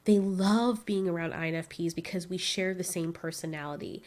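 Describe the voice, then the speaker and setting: A young woman in casual chat, telling lively stories and acting out what people said, often breaking into laughs. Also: lowish voice, normal speed. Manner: animated storytelling, acts out quotes with laughs. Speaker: vlogger.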